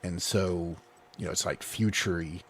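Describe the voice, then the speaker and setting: A man's voice: low voice, steady tone, measured pace, fairly bright tone, slightly rough. A man co-hosting a casual podcast, telling stories in a rambling way with many fillers. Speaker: podcast co-host. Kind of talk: casual comedic chat.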